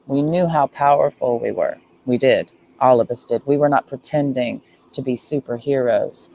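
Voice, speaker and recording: Gravelly voice, casual livestream monologue, earnest, repetitive, emphatic, faint insect noise. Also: medium pitch, normal speed, darkish tone, rough recording.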